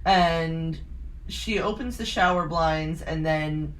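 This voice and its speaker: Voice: medium pitch, slow, a bit bright. A podcast co-host recapping a horror movie in a rambling, casual way, swearing freely. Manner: rambling plot summary with frequent swearing and laughs.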